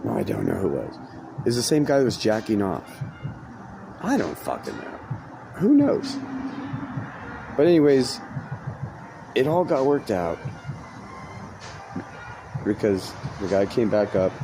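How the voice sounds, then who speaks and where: A man's voice: lowish voice, very animated, moderate pace, vocal fry, long pauses. A man telling a rambling, profane story in casual chat, often breaking off and restarting mid-sentence. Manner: profane, meandering, self-interrupting. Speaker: podcast host. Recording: noisy background.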